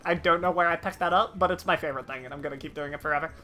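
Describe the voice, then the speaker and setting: A woman's voice: low-pitched, racing, bright, forceful tone, soft background music. A woman streaming a game live, chatting casually, thanking viewers and joking.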